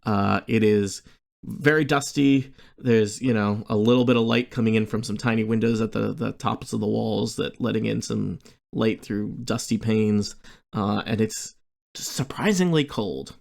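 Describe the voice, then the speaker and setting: A man narrating as game master of a tabletop game, halting often with filler sounds. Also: on the low side, vocal fry, darkish tone.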